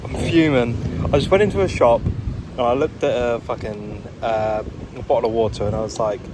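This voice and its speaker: A man's voice: mid-range voice, normal speed. A young man vlogging as he walks through city streets at night. He is drunk and tired, and he swears and rants as he grumbles to his viewers. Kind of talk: casual walking vlog. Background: traffic and street noise.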